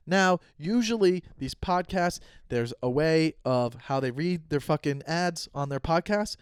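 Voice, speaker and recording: Young guy doing a sweary rambling ad read on his podcast, highish voice, dead dry room. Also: expressive, a little slow, clear, resonant tone, no echo. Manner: rambling, profane, jokey riffing. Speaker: podcast host reading an ad. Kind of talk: improvised comedic ad read. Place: non-studio room.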